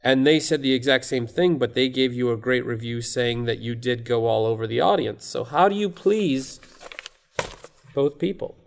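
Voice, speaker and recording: Man, podcast host, casual chat, mid-pitched voice, rambling. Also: moderate pace, creaky. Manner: rambling, reads a review aloud.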